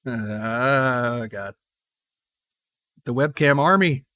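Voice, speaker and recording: A man streaming live tosses joking, teasing asides over a video he is watching. He talks at an unhurried pace in a mid-range voice. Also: medium pitch, pushed and bright, no room sound, studio quality. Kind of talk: live stream reaction commentary.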